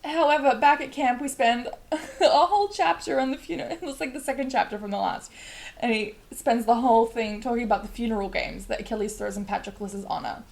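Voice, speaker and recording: A woman's voice: on the high side, fairly quick, vocal fry, darkish tone. A woman co-hosting a book podcast, retelling the plot in casual chat, laughing often and swearing freely. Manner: giggly, swearing, summarizing plot with playful asides. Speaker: podcast co-host.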